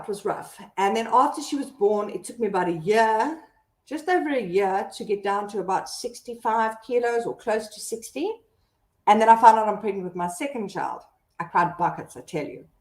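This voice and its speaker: A woman's voice: medium pitch, a little mellow. A South African woman in her thirties, hosting a casual live stream and chatting candidly with viewers as she reads their comments. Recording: roomy echo.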